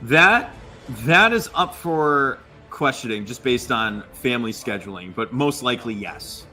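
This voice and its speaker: A man hosting a podcast, chatting casually through live draft coverage with quick asides. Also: medium pitch, lively intonation, sharp tone, soft background music. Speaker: podcast host.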